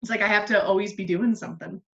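Chatty woman, self-deprecating podcast guest, mid-pitched, slightly muffled lo-fi recording. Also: fairly even intonation, fast, creaky, sharp tone. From United States. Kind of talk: casual conversational podcast. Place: Australia. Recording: slightly dull lo-fi sound.

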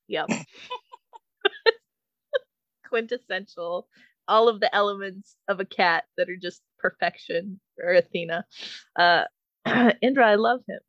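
A woman's voice: mid-range voice, measured pace, vocal fry, fairly bright tone, no room sound, dull audio. Rambling, laughing woman podcast co-host. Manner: rambling, swearing, laughing often. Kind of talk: casual chat.

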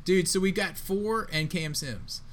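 Man, bright ringing voice, fairly high, excitable, emphatic, casual sports chat. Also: measured pace. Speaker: podcast co-host.

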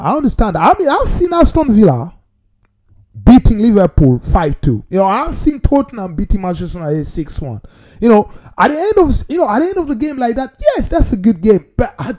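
Man, football commentator vlog, mellow voice, very lively pitch, keeps addressing viewers as "people.". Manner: animated, repetitive, talks straight to viewers as "people". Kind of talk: casual football opinion monologue.

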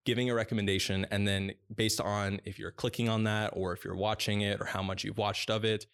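A man who runs a dog training business, explaining his app and technology in an interview in a fluent, explanatory way with frequent "uh" pauses. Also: on the low side, level tone, fairly bright tone, smooth.

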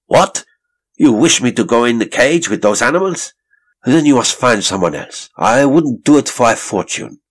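A man's voice: mid-range voice, big pitch swings, slow pace, slightly rough, no echo, voice pushed up, heavily acted. A man voicing a cornered male circus juggler who blurts out in fear and anger. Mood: furious. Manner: blurting, raised and strained.

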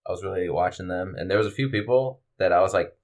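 A man's voice: sits low, fast talker. Laid-back man telling stories, laughing often. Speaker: podcast co-host, BJJ referee. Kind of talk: casual chat.

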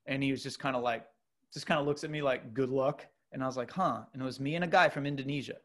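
A man's voice: medium pitch, very fast. Man telling a story in loose casual chat. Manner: loose and animated, many fillers and restarts.

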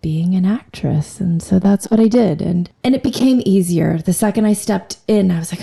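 A woman in her forties talks openly on her own podcast, with a heavily gravelly, fry-laden voice that is hoarse and cracking from recent laryngitis. Her tone is dark and mellow, and she speaks with raw emotion and casual swearing. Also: medium pitch, expressive, normal speed, few pauses. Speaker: podcast host. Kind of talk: candid personal monologue.

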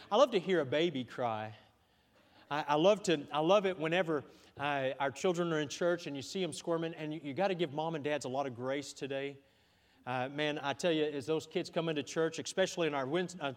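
A man with a fairly high voice preaches from the pulpit, folksy and conversational, often restarting his sentences as he goes. His sermon rings out in a church with a long, trailing reverb. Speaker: pastor. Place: church sanctuary.

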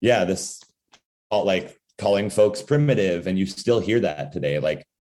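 A man's voice: deep voice, lively intonation, unhurried, a little mellow. A man talking casually as a guest, profane and full of filler words. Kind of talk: casual conversation.

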